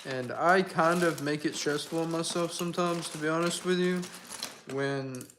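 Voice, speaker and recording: Young man, livestream host, a bit high-pitched, easygoing chatter with viewers, desk mic. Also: moderate pace, noisy background. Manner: chatty, reads out and answers viewer comments. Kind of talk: casual livestream chat with viewers.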